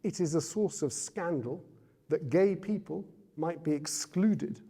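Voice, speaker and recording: A man speaks conversationally to an audience as a guest speaker, now and then turning questions back on his listeners. His voice is mellow and relaxed. It is heard through a hall with a long, echoing reverb. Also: fairly high pitch, measured pace, slightly rough. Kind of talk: public talk to an audience. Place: Jesuit centre hall.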